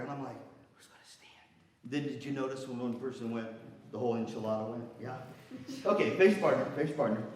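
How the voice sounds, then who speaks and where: A man presenting an energetic, interactive workshop, coaching an audience through a partner exercise. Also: fairly high pitch. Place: large hall with an audience. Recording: far-off echoey hall with room noise.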